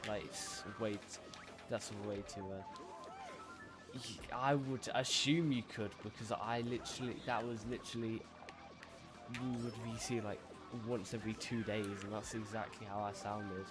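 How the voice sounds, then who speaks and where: A man's voice: fairly low pitch, steady tone, normal speed, music in the background. A young man streaming and chatting casually while gaming, laid-back and rambling, often restarting his sentences.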